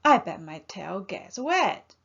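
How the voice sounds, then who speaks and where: A woman's voice: medium pitch, very animated, takes it slowly, gravelly, a bit bright, breathy edge, muffled recording, exaggerated voice. A woman doing a gloomy father pig. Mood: mournful.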